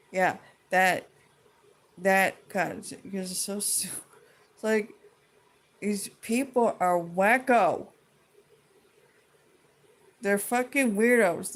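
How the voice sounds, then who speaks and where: Heated, rambling woman ranting. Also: mid-range voice. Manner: heated, profane, rambling with many restarts. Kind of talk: casual rant to camera.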